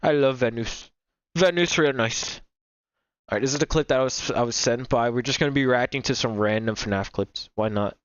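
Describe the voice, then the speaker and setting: A man's voice: mid-range voice, steady tone, fast, few pauses, dry recording. A young man hosting a reaction video, rambling casually, repeating himself and filling gaps with "like" and "bro". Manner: rambling, repeats himself, heavy filler words. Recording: dry, slightly dull home mic.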